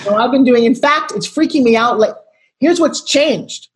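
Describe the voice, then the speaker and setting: A woman in her sixties, a guest on a video call interview, telling her story in an expressive, dramatic way. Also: a little high, moderate pace.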